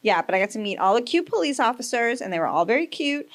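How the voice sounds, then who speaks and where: A woman's voice: fairly high pitch, very animated, fast talker. Woman comedian as podcast host: chatty, swears freely, loose conversational storytelling. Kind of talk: casual chat.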